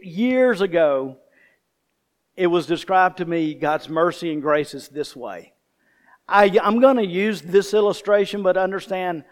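A man preaching a sermon, telling a homely story and speaking straight to the congregation. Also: fairly high pitch. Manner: folksy storytelling, addresses the congregation directly. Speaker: pastor.

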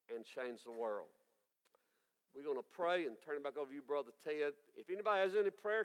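A man's voice: on the high side, smooth, big-room sound, rough recording. Folksy preacher in his sixties. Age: 60s. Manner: folksy, animated storytelling. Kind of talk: storytelling sermon.

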